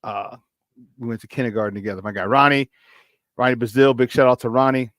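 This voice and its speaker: A man with a Chicago accent hosting a morning sports talk show, talking in an energetic, chatty way and repeating himself for emphasis. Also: medium pitch, fast, dry recording, studio quality. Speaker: sports radio host.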